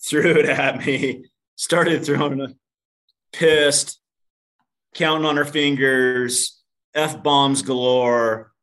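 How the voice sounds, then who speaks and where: Stretching out his words and leaving long pauses, a man with a mid-range, slightly bright voice and fairly even intonation tells a personal story as a podcast guest. He's candid and self-deprecating, swears casually, and calls the host "dude."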